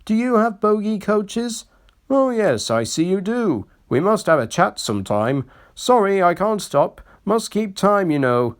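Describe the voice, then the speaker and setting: A man's voice: high voice, very animated, measured pace, voice pushed up. A man doing Sir Handel, a sulky, haughty engine. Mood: grumbling. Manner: grumbling and conceited. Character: haughty, sulky young male steam engine. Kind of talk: storybook reading.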